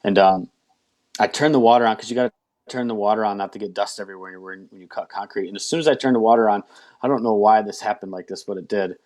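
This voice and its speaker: Interview guest, man, lowish voice, candid storyteller who slips into his own past lines. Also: fast, darkish tone. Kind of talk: personal testimony.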